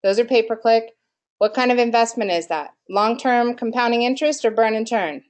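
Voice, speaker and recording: A woman's voice: on the high side, fairly quick. A woman giving a live marketing workshop in a room with an audience, quizzing listeners and asking them for answers as she goes. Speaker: marketing presenter.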